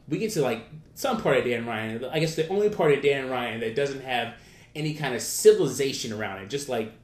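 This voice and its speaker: A young man telling a story in casual chat, rambling with lots of restarts and filler. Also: a little mellow. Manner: rambling, quick, many restarts and "like"s. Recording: echoey room with faint rumble.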